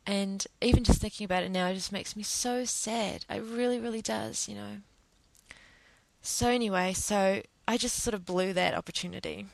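A woman's voice: mid-range voice, moderate pace, vocal fry, no room sound. A woman telling a personal story to camera in an emotional, hesitant way, with many restarts.

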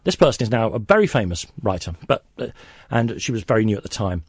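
A man's voice: on the low side, big pitch swings, quick pace, husky, no room sound. A man on a late-night radio show in the studio as a guest, telling rambling anecdotes with many restarts.

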